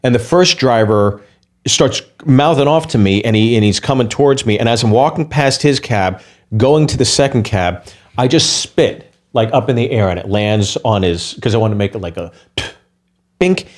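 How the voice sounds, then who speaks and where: A man, a guest comedian, telling a story in lively podcast chat, restarting quickly and acting out quotes. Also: medium pitch.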